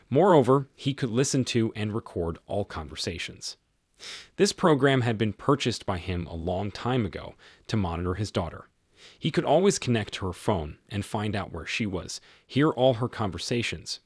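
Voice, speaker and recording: A man narrating a scripted story in an even, matter-of-fact way. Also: fairly low pitch, husky, no room sound, studio quality.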